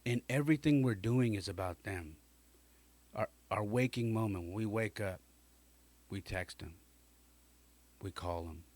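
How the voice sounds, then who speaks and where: A man's voice: fairly low pitch, unhurried, long pauses, darkish tone. A male podcast host casually telling a personal story in slangy, conversational talk and acting out the people he quotes.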